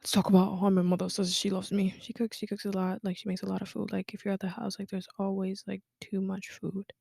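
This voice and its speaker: Teen girl podcaster from guinea, chatty w lots of "like", low warm fry, dry sound. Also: completely flat delivery, fast talker, no echo. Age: teens. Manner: chatty, many "like" fillers, drops to a whisper at times. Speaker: podcast host. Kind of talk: casual personal podcast with poetry reading.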